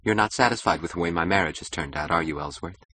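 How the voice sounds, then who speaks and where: A man voicing a detached, ironic young woman who speaks in a calm, dry and cutting way. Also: low voice, fast, husky, no room sound, exaggerated voice. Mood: cool.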